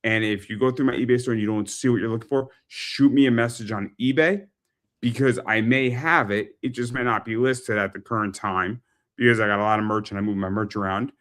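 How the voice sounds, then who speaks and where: Guy hosting a pop culture chat show, lowish voice, rambly and salesy, says stuff twice. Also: a little fast, a bit bright. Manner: chatty, repeats phrases, salesy plugs. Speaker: podcast host and eBay seller. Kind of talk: casual talk-show chat.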